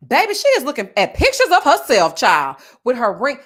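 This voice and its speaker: A woman hosting a live review of a reality show, sassy and expressive, talking straight to her viewers. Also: fairly high pitch, fairly quick.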